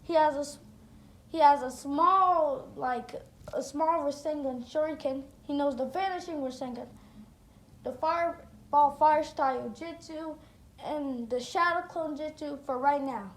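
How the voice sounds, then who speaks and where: A woman's voice: sits high, measured pace. A woman narrating an unscripted fan story in a rambling way, often correcting herself, recorded in a roomy space. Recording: roomy echo, faint noise.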